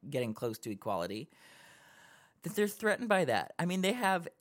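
A man's voice: a little high, sing-song, normal speed. A man co-hosting a podcast in casual chat, giving wry and earnest opinions. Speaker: podcast co-host.

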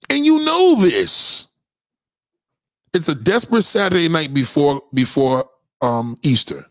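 A man with a slightly high voice tells stories to camera in a profane, comedic rant laced with street slang and constant swearing. His delivery is animated, and he performs the voices of the people he quotes. It's a studio-quality recording without echo.

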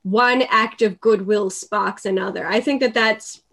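A woman's voice: medium pitch, fairly even intonation, a little slow, a bit bright. A woman hosting a podcast in casual movie chat over a remote call, talking expressively and acting out quotes. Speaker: podcast host.

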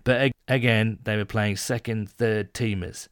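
A man's voice: fairly low pitch, steady tone, measured pace, smooth, no room sound, clean studio sound. A man from the United Kingdom hosting a casual podcast, reading out listener messages and reacting with jokes. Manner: chatty, jokey, reads messages then reacts. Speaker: podcast host.

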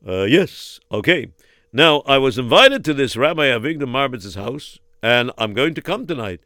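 A man telling a story and acting out the dialogue in an animated, hesitant way with many fillers. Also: mid-range voice, normal speed, no echo, studio quality.

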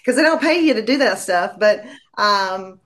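A woman, a lawyer chatting in an interview and telling stories in a lively way. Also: medium pitch, moderate pace. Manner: chatty storyteller, animated when quoting people. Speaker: lawyer and legal commentator. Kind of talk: casual interview chat.

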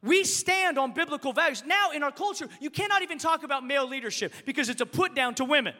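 A male pastor preaching a sermon with passion, swinging between forceful declarations and hushed, quiet passages. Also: very high voice, lively intonation, quick pace. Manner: impassioned preaching, rising and dropping to a hush. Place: church hall with long reverb. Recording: reverberant hall sound.

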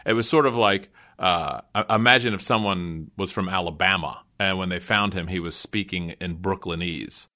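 A man, a writer, talking in an interview in an animated way, searching for words. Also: low-pitched, moderate pace, few pauses. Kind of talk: interview clip.

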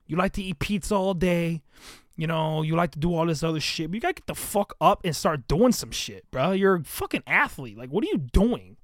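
High-voiced man ranting about basketball. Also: fairly quick, no room sound, clean studio sound. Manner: profane, ranting, animated. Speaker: podcast host. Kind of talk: casual sports chat.

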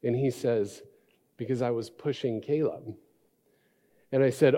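A male pastor in his thirties preaching a sermon, reading scripture slowly and telling family stories. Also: mid-range voice. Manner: reads scripture slowly, then tells a lively family story. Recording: long reverb of a large hall.

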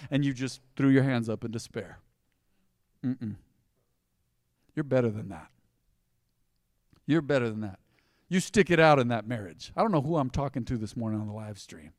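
A male pastor preaching a conversational sermon, emphatic and swinging between loud and hushed lines. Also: on the high side, dry recording, studio quality.

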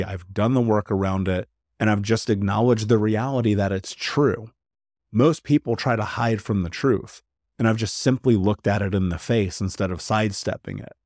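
A man with a fairly low voice gives a candid interview as a podcast guest. He talks loosely and frankly, leans on "like," and repeats words to drive his point home. The sound is close and dry. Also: darkish tone, dry recording. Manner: frank, conversational, peppered with "like"; emphatic repetition. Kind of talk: candid personal storytelling interview.

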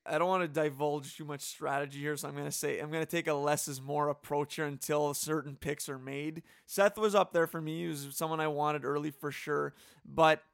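Gravelly, smooth-voiced man chatting. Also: a little high, fairly even intonation, brisk, no echo, clean studio sound. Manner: talkative, enthusiastic, many "like" fillers. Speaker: podcast co-host drafting movie characters. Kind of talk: casual podcast chat.

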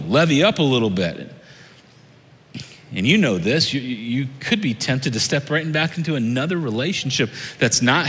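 A man's voice: mid-range voice, fairly bright tone, breathy edge, in a large hall. A middle-aged man, a pastor, preaching a sermon to his congregation in a conversational way, often putting direct questions to them.

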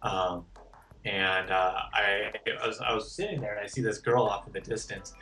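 A man speaks as a podcast guest in relaxed conversation, his voice sitting a little low. He talks candidly and rambles, filling his sentences with "like" as he goes. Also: moderate pace, far from the mic. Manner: candid and rambling, heavy with "like" fillers. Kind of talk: casual chat.

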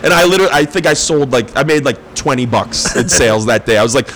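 A man's voice: medium pitch, fast, poor audio. A young man, swapping stories in casual, profane chat. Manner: profane, animated storyteller.

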